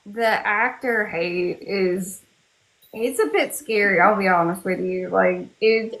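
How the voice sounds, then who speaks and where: A woman with a Southern US accent hosting a casual live-stream cosplay panel, chatty and rambling with quick asides. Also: mid-range voice, a bit bright, poor audio.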